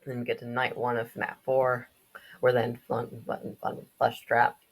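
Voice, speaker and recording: A young woman with a notably low voice chats her way through a game's backstory. She drifts easily into joking asides and quick tangents, in a casual, offhand tone. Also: monotone. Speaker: game lore commentator. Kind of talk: casual commentary.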